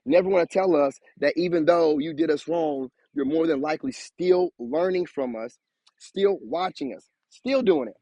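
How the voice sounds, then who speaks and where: Husky high-voiced man preaching self-worth. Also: animated, moderate pace, warm tone, dry recording. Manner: preachy, repetitive, emphatic. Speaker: spiritual content creator. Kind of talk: casual motivational monologue.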